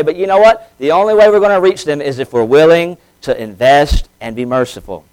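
High-pitched preaching man, rising and falling. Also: fast, few pauses, poor audio. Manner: impassioned preaching, rising loud on scripture, dropping low on key words; repeats words and fillers. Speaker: pastor. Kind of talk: sermon. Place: church.

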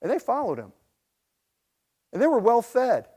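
High-voiced man preaching earnestly. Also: wildly swooping pitch, normal speed, slightly rough. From United States. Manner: earnest, builds to emphatic peaks, then drops low and soft; frequent restarts and repeated words. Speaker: pastor. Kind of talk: sermon with personal storytelling.

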